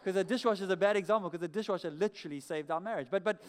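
A man preaching a sermon as pastor, animated and emphatic, often repeating key phrases. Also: sits high, racing, a little hiss or hum. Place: church hall.

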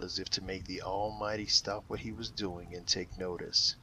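Deep-voiced man narrating a dramatic story. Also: level tone, normal speed, hardly any pauses, bright, forceful tone, slight background noise, poor audio.

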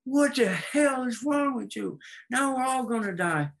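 A man voicing a panicked, indignant male frog while telling a fable, in a squeaky outraged voice. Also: expressive, unhurried, vocal fry, a bit bright, heavily acted.

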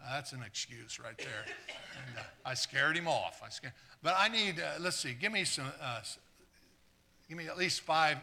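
A man preaching a live sermon, earnest and stumbling over repeated words, trading jokes with the congregation and swinging from quiet asides to fired-up exclamations. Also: medium pitch. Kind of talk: live sermon with audience volunteers.

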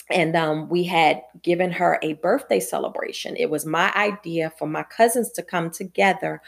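A middle-aged woman with a somewhat low-pitched voice, speaking as a podcast evangelist. She shares family memories earnestly, then swells into fervent, emphatic preaching to encourage her listeners. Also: creaky. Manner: earnest, personal storytelling that rises into emphatic preaching.

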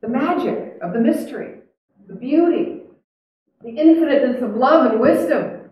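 A woman's voice: sits high, moderate pace, a little mellow. Woman, spiritual talk, earnest, chatty, reflective, very echoey hall, distant mic. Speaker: spiritual speaker. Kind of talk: spiritual talk to a live audience.

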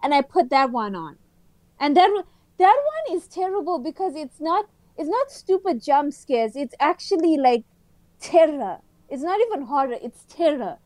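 Podcast co-host, woman, high voice, excitable dramatic storyteller, dry close sound. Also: moderate pace, no room sound. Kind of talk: casual chat.

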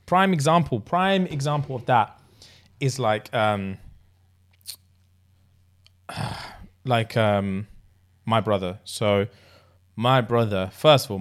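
Animated young man chatting. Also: lowish voice. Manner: animated, swears freely, acts out quotes. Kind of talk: casual chat.

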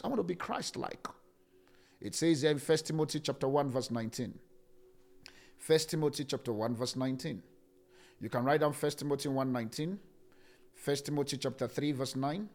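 A middle-aged man preaching a sermon as pastor, repeating key phrases slowly and swinging between loud and hushed delivery. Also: medium pitch.

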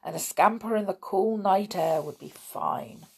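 Slow, breathy woman narrating. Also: medium pitch. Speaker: audiobook narrator. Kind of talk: scripted storybook narration.

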